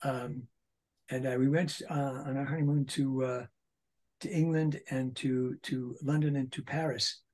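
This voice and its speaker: Husky old guy in his 80s telling stories, lots of restarts, kinda animated. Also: medium pitch, unhurried. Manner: animated anecdotes with many restarts. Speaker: voice actor guest. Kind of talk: casual interview storytelling.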